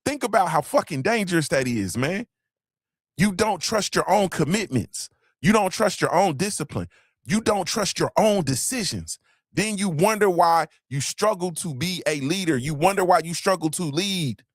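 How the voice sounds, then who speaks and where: A man's voice: sits high, expressive, normal speed, no room sound, clean studio sound. A man hosting a motivational podcast livestream, preaching and repeating his points, swearing casually and asking "you feel me". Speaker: podcast host.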